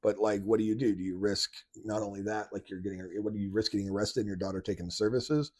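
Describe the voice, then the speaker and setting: Husky man rambling through commentary. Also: lowish voice, steady tone, fast, darkish tone. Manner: rambling, many restarts and fillers. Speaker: commentary channel host. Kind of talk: casual political commentary.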